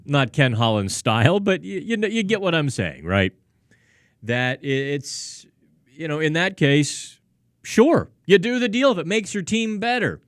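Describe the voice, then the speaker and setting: A man's voice: fairly high pitch, very animated, measured pace, no room sound, clean studio sound. Chatty male sports talk host. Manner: conversational, frequent restarts and asides. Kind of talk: live-streamed hockey talk answering chat questions. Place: studio.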